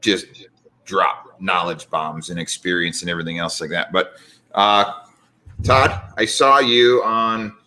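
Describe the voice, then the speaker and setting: A man's voice: low voice, unhurried, sharp tone. A man hosting a live stream, chatting casually with his guest and wrapping up the segment. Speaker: host, company CEO.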